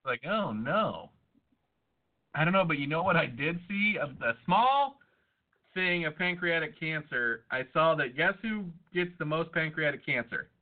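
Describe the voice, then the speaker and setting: A man hosts a podcast in loose, crude banter. He swears freely and jokes irreverently. His voice sits a little high and comes through a narrow, phone-like line. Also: animated, unhurried. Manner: irreverent, profane, joking. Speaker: podcast host. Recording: tinny phone-like audio.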